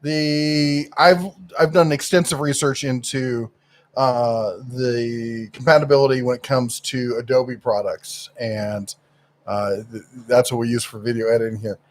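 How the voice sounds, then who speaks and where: A man's voice: medium pitch, steady tone, unhurried. A middle-aged man chats casually as co-host of a live stream. He rambles and stops often to search for the right word, with lots of fillers.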